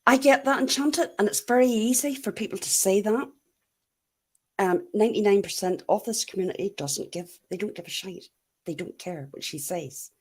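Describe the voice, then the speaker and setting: A woman's voice: mid-range voice, moderate pace, a little mellow, husky. A middle-aged Irish woman chatting casually as she answers live comments, blunt and laughing often. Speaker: YouTube livestream host.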